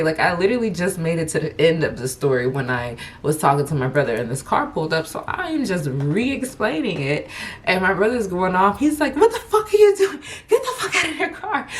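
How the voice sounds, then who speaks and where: Young woman, fairly low voice, animated storyteller, curses freely, faint background hiss. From Chicago. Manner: animated, laughing, profane storyteller. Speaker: vlogger. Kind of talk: storytime vlog.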